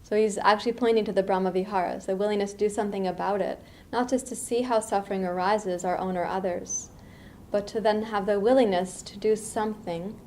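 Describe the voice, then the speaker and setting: A middle-aged woman from the US East Coast, giving a reflective dharma talk as a meditation teacher, unhurried with lively asides. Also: mid-range voice, a little hiss or hum.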